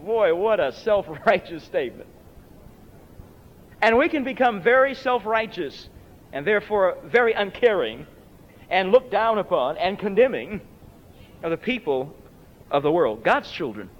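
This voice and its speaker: A man delivers a sermon emphatically and dramatically, his pitch and loudness swinging sharply. He sounds very animated and speaks a little slowly. The lo-fi recording has a long hall reverb.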